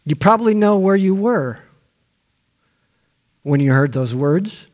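A male pastor preaching a sermon, telling a story with lively acted-out voices for the people in it. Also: high-pitched, takes it slowly. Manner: animated storytelling, acting out quoted voices.

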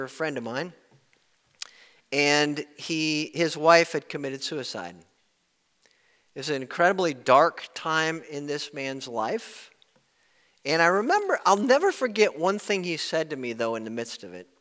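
A man preaching a sermon in an earnest way, rising to loud emphasis and dropping to hushed tones when quoting. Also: a little high, big pitch swings, moderate pace, long reverb tail. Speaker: pastor.

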